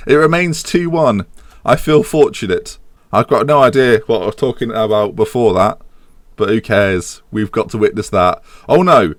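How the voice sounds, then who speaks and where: An English man with an English accent giving casual, excitable commentary over a football management game, humming tunes and bursting into loud reactions. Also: medium pitch. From England. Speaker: gaming YouTuber.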